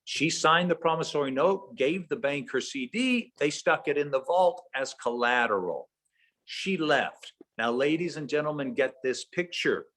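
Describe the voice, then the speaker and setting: A man's voice: a little high, lively intonation, unhurried, fairly bright tone. A man giving a conversational leadership talk over a video call, folksy, with tag questions, telling stories. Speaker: leadership trainer, webinar speaker. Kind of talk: conversational lecture with storytelling.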